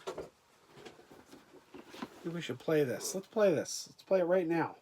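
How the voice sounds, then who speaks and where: A man guesting on a casual livestream, full of playful jokes and mock outrage. His fairly high voice leaps up and down with lots of lively movement. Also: a little slow, slight background noise. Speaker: guest co-host.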